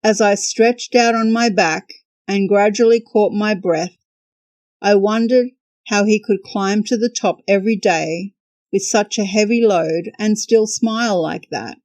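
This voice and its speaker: Slow, wry woman telling a travel story. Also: mid-range voice, darkish tone, no echo. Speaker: podcast host and storyteller. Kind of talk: scripted travel narration.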